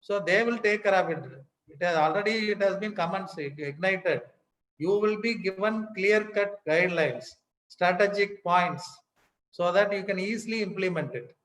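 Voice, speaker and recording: High-voiced man lecturing. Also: normal speed, a bit bright, roomy sound, low-quality recording. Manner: explanatory, repeats key words, frequent "you know" and "uh" fillers. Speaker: speaker at an education summit. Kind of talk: lecture presentation.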